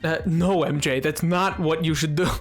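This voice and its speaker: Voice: medium pitch, fairly even intonation, normal speed, faint music behind. A streamer giving playful, chatty live commentary to chat while playing a game, indoors at a desk microphone. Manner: playful, chatty, self-mocking.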